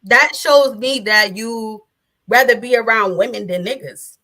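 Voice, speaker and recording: A woman's voice: a little high, a little slow, pushed and bright. A woman in her thirties talking bluntly and profanely as an interview guest, often laughing. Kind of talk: casual interview chat.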